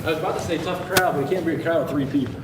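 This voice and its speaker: A man making quick wisecracking asides from off camera in a studio. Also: fairly high pitch, a crowd in the background.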